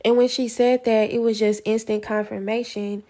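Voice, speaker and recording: A woman speaking in a slightly high voice, chatting casually as she shares a faith story. She tells it with animation and acts out her own prayers as she goes. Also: little pitch movement, normal speed, warm tone. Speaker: faith vlogger. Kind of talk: casual testimony.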